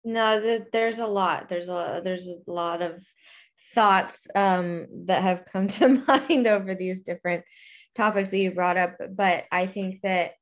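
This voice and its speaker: A young woman speaks slowly in a fairly low voice, reflective and unhurried, in a casual faith-based chat. She is expecting her first child and often breaks into soft laughs between thoughts, with plenty of ums along the way.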